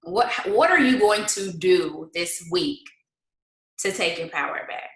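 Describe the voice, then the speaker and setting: A woman's voice: lowish voice, lively intonation, measured pace, a bit bright. A woman hosting a motivational livestream, reading viewers' comments aloud, cheering them on and leading a prayer. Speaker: livestream host. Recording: roomy echo.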